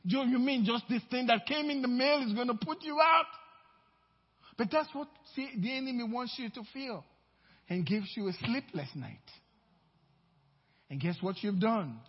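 A male pastor preaching a sermon, emphatic, swinging between loud declarations and low asides, in a dull, reverberant church hall recording. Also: normal speed, pauses often, husky. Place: church sanctuary.

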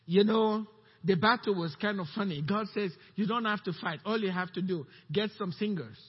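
A pastor preaching a sermon, questioning the congregation and calling out to them. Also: male voice, high voice, moderate pace, breathy edge, in a large hall, highs cut off. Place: church sanctuary.

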